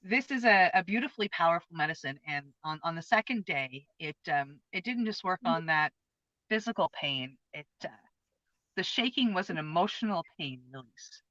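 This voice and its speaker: Bright-voiced woman in her fifties, heartfelt. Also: on the low side, expressive, moderate pace, dry recording. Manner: earnest, open, heartfelt storytelling. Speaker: co-host. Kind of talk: casual chat about a personal experience. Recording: dull lo-fi, dry sound.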